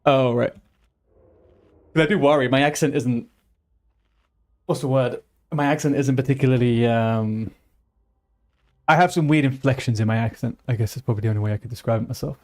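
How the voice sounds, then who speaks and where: A man's voice: medium pitch, fairly quick, long pauses. A young British man with a British accent, chatting casually with his live chat while playing a game, playful and easily sidetracked. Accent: British English. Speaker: streamer.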